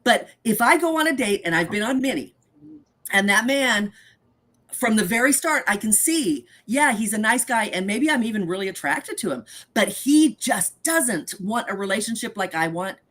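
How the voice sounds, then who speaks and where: A woman's voice: medium pitch, expressive, normal speed, fairly bright tone. A woman hosting a live podcast chat who speaks bluntly and emphatically about dating. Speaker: host.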